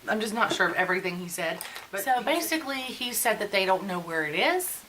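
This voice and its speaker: A woman's voice: medium pitch, expressive, a little fast, background noise. A woman in her forties chatting casually and venting while doing a get-ready-with-me beauty vlog. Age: 40s. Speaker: beauty vlogger.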